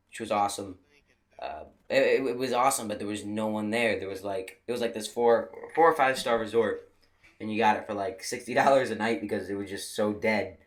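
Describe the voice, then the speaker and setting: Rambling young man telling a travel story. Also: lowish voice. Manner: rambling, many fillers and restarts; laughs at his own stories. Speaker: video creator. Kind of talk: casual storytelling.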